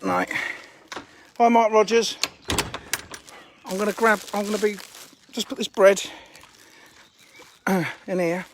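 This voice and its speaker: A chatty man with a fairly high voice addresses his live-stream viewers in a rough-edged, offhand way, swearing now and then. He is outdoors by a lake, speaking into a handheld phone, and a faint noise sits behind him. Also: a bit bright. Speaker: fishery owner streaming live. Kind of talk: casual live-stream chat. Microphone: phone held in hand.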